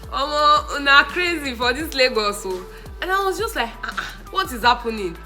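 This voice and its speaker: A young Nigerian woman tells funny stories to camera with a bright, crisp voice. She talks in an animated way and keeps breaking into laughter and exclamations. Soft music plays faintly behind her. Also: a little high, low-quality recording. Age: young adult. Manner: animated, laughing, mixes in pidgin and Yoruba exclamations. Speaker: vlogger. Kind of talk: casual storytelling vlog.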